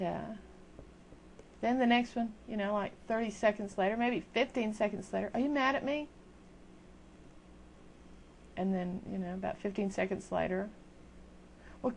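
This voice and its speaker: A woman's voice: medium pitch, vocal fry, darkish tone, slight background noise. An older woman ranting casually into a webcam at home, chatty, exasperated and self-mocking. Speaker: video blogger. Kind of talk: casual rant to camera.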